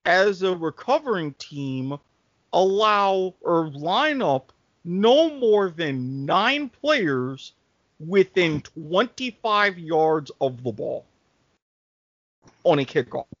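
Podcast co-host, man with a high voice, thinks aloud as he talks; dry, muffled recording. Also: expressive, dry recording. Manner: halting, thinks aloud with fillers. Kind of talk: casual sports podcast chat. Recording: dull, dry lo-fi podcast audio.

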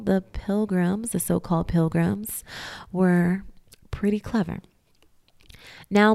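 A woman's voice: low-pitched, vocal fry, a little mellow, smooth. A woman casually explaining history myths, sarcastic and emphatic, with slang and whispered asides.

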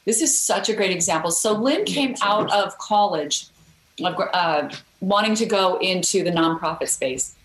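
A woman's voice: mid-range voice, lively intonation, moderate pace, noisy background. A middle-aged woman, a guest author, telling a story earnestly in a podcast interview, with fillers and restarts. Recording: roomy echo.

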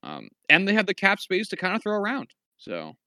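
A man's voice: sits high, wildly swooping pitch, fairly quick, bright, forceful tone, no room sound. A man co-hosting a casual sports podcast, making dry, wry asides while reading off stats. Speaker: podcast co-host.

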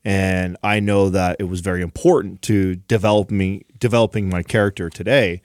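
A man's voice: sits low, steady tone, moderate pace, a little mellow, dry recording, studio quality. A young man co-hosting a casual podcast, animatedly telling a story with many restarts and repeats. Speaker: podcast co-host.

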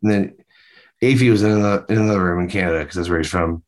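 A man's voice: deep voice, very fast. A man, a band member, chatting loosely in a video-call interview, rambling with lots of fillers and the odd swear.

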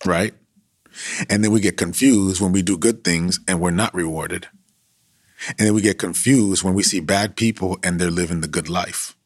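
Low-voiced conversational preacher. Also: male voice, fairly even intonation, moderate pace, no echo, clean studio sound. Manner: conversational, emphatic, slangy asides. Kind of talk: sermon.

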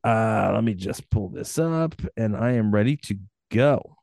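A man co-hosting a chatty podcast, playful and animated, often breaking into loud joking bits. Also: fairly low pitch, a little slow, gravelly, no echo, clean studio sound. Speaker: podcast co-host. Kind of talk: casual chat.

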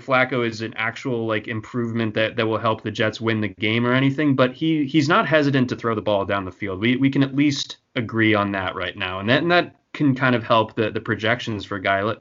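A man's voice: on the low side, fairly quick, a bit bright, lo-fi sound. A man hosting a casual sports podcast, talking with frequent restarts and fillers. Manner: hesitant, many restarts and fillers. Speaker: podcast host. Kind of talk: casual fantasy football chat.

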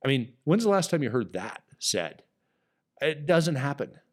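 A man hosting a business podcast, telling a story in an animated, emphatic way. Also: medium pitch, a little slow. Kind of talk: storytelling monologue.

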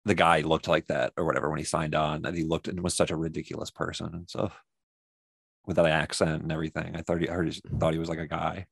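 Deep gravelly man, wry podcast talk, dry close mic. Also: flat delivery, fast, fairly bright tone, no echo. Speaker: father of a young child. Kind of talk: casual podcast banter.

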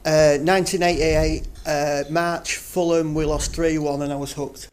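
A middle-aged man answering quick-fire questions as a guest, with short enthusiastic replies that often start with "uh". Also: fairly high pitch, flat delivery, a little mellow, slight background noise. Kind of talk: casual chat in a quick-fire interview.

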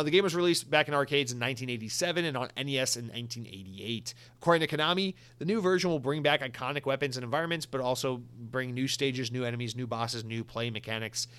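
A man's voice: medium pitch, fast, hardly any pauses, clean tone. A man hosting a solo gaming news podcast, chatty and joking, slightly out of breath. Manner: chatty, joking, animated asides. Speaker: podcast host.

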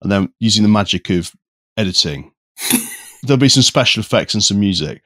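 Male podcast host, lower voice with a lively swinging pitch, jokey and animated, dry close sound. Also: normal speed, no room sound. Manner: jokey, animated, laughs often. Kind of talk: casual chat.

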